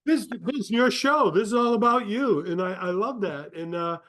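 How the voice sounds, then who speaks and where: Higher-voiced man hosting a podcast. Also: lively intonation, moderate pace, fairly bright tone. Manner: affirming, sums up the guest's points for listeners. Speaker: podcast host. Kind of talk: casual interview chat.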